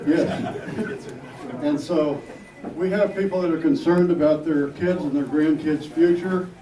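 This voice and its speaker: A man gives halting, plain welcoming remarks, pausing often on fillers. His voice is slightly high and comes from across a reverberant room. A crowd murmurs behind him. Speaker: event host. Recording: distant roomy mic with crowd.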